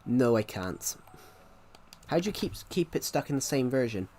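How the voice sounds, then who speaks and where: A man's voice: medium pitch, sing-song, darkish tone, slight background noise. A young man chatting casually on a live stream while gaming, rambling and restarting his sentences. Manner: rambling, halting, many restarts.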